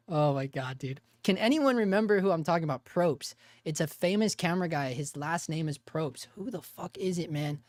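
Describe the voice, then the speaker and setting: A man's voice: on the high side, fairly quick, few pauses, dry recording, clean studio sound. A man hosting a casual live stream, laid-back and profane, laughing often and calling people dude and bro. He has an unusual voice that he uses for cartoon work.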